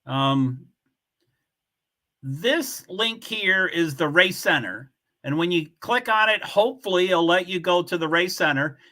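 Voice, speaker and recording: A man runs a casual livestream, talking loosely and bluntly as he reads out viewers' comments. His voice sits high for a man and comes across bright and forward. He talks into a computer mic. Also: animated, a little slow. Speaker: livestream host.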